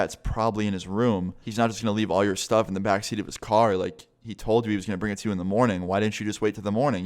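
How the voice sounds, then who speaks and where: A young man casually telling a story to camera, animated and swearing often, acting out what people said. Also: fairly low pitch. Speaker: vlogger.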